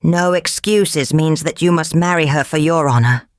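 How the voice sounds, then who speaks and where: A woman's voice: deep voice, normal speed, dry recording, studio quality, close to an everyday voice. A woman voicing a stern, insistent male magistrate in a storybook. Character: stern male magistrate, protective older brother.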